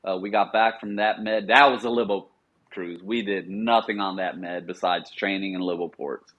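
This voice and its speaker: A middle-aged man with a low voice recounts his time in the service in a casual interview. He slips into the voices of the officers he quotes, and his audio sounds dull and lo-fi. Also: moderate pace. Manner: animated storyteller, acts out quoted officers in a higher voice. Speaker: podcast guest, former Marine sniper.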